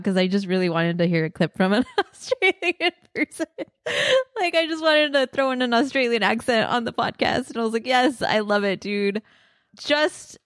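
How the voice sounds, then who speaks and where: A woman's voice: on the low side, fairly bright tone, clear, resonant tone, no room sound. Giggly podcast host lady gushing about a band, dry close mic. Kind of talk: casual podcast chat.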